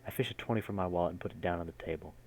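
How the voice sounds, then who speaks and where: A man's voice: deep voice, racing, darkish tone. A man streaming a visual novel, reading the narration aloud and breaking off with casual reactions. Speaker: gaming streamer.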